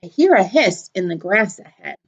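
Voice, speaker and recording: A woman reading aloud and voicing a big, slow-witted, hungry male monster. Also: medium pitch, very animated, slight background noise, lightly acted. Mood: gruff.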